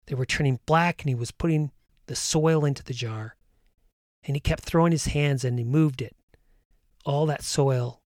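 Earnest man, slightly high voice. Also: a little mellow, dry recording, studio quality. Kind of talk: storytelling and guided meditation.

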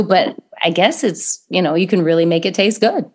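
Chatty woman co-host, quick to laugh. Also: fairly low pitch, animated, a little mellow. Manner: chatty, quick to laugh, tells personal asides. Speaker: podcast co-host. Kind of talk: casual chat reviewing a baking show.

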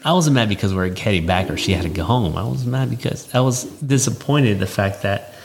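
Tired man in his thirties, casual podcast co-host, lower voice, easygoing. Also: a little fast. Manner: relaxed, fillers, repeats catchphrase. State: tired, late at night. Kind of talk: casual chat.

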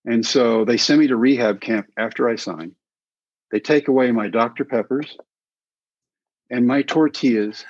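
A middle-aged man from Texas, a former pitcher, telling lively anecdotes as an interview guest and acting out quoted voices. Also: moderate pace, pauses often, breathy edge, dry recording. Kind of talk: casual storytelling. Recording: slightly dull dry sound.

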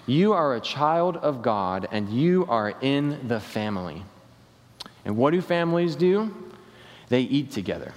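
A man preaching a Sunday sermon as pastor, slowing down and dropping his voice at the ends of key phrases. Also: mid-range voice. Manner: preaching with falling endings and slowed emphatic phrases. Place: church sanctuary. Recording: long reverb of a church hall.

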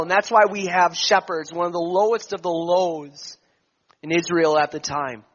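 Man preaching a sermon, high voice, slow deliberate delivery, emphatic swells and hushed drops, slightly muffled sound. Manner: slow and emphatic, swelling then dropping to near whispers.

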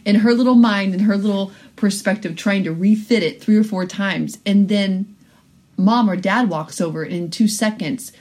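A woman's voice: medium pitch, moderate pace, darkish tone. A woman in her forties co-hosting a podcast with her husband, chatting thoughtfully. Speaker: podcast co-host. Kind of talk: casual chat.

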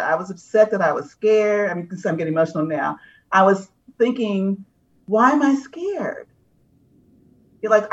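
Middle-aged woman, candid storyteller in a group talk, lively and animated, lo-fi sound. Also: fairly low pitch. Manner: candid, animated, acts out voices in her stories. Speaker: discussion participant. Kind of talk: personal storytelling in a group discussion.

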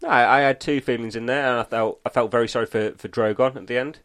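A man's voice: medium pitch, fairly even intonation, fast, fairly bright tone. A man in a casual chat, talkative and self-deprecating.

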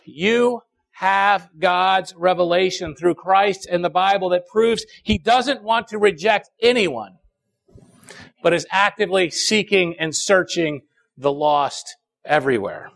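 A male pastor, preaching a sermon with emphatic repetition and dramatic pauses. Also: high-pitched, creaky, a bit bright.

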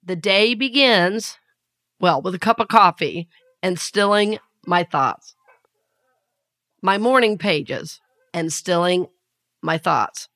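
A woman's voice: lowish voice, slow pace, long pauses, a bit bright. A woman with a Southern US accent hosting a spiritual podcast, talking earnestly and laughing often. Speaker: podcast host and spiritual teacher.

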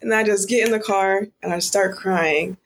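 A woman's voice: mid-range voice, fairly even intonation, moderate pace, a little hiss or hum. Chatty young woman telling stories. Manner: chatty storyteller, many "like" fillers. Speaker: podcast co-host, daughter. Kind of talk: casual podcast chat.

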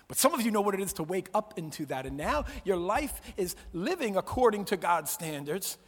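A man with a high voice preaches to a church crowd, animated and swinging between loud, punchy lines and soft, low words. His voice carries a long reverb from the large hall he is in. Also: fairly quick, hardly any pauses, breathy edge. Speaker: pastor. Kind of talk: sermon. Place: church auditorium.

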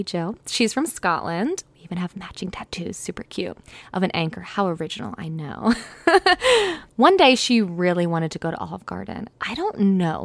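A woman's voice: fairly low pitch, dry recording. A young American woman hosting her podcast, telling a story in a chatty, giggly way with playful asides. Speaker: podcast host. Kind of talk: casual storytelling monologue.

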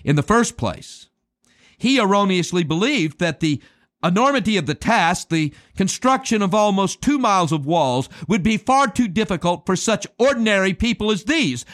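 Animated preacher man, dry close sound. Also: dry recording. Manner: emphatic preaching with dramatic pitch swings and slow stressed words; addresses listeners as beloved and friends. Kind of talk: sermon.

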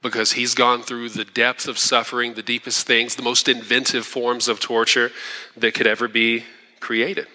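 A man preaching a sermon as pastor, earnest and animated, acting out the quotes he tells. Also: mid-range voice, normal speed. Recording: long hall reverb.

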